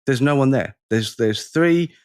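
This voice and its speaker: A man, co-hosting a podcast and telling a lively story in casual conversation, acting out the people in it. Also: mid-range voice, unhurried, smooth, no echo, clean studio sound. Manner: animated storyteller, acts out the people in his stories. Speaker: podcast co-host.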